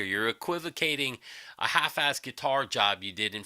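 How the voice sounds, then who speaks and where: A man ranting on his livestream, combative and sarcastic, with constant swearing. His pitch leaps up and down, and his voice is bright and cutting. The sound is dry and close to the mic. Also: expressive, moderate pace, dry recording. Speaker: livestream host. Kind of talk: angry profane rant.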